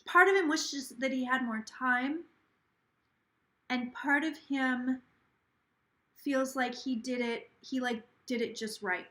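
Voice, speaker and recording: A woman chats on a home livestream, gushing and quick to quote what she hears. Her voice sits high and sounds bright and sharp. The room around her is echoey. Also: steady tone. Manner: chatty and gushing, relays a spirit's words in quotes. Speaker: psychic livestream host. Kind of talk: casual live-stream chat. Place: home, near a kitchen.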